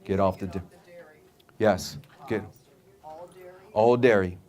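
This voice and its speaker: A man's voice: lowish voice, fairly even intonation, slow pace, darkish tone. A man giving a live sales talk to an audience about supplements, emphatic and repetitive, often checking in with "okay?" and acting out customers' reactions in his stories. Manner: emphatic, repeats points, keeps asking "okay?"; acts out customers' voices in anecdotes. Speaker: supplement store speaker.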